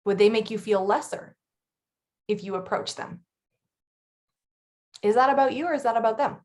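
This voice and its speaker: A woman in her thirties co-hosting a casual chat, blunt and chatty with quick laughs. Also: a little high, a little mellow. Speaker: podcast co-host.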